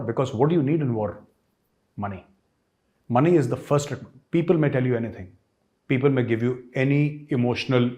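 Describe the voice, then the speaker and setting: A man's voice: mid-range voice, darkish tone. Emphatic Indian man with sarcastic commentary. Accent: Indian English. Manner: emphatic and sarcastic, with rhetorical questions. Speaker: host, political commentator. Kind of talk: opinion commentary.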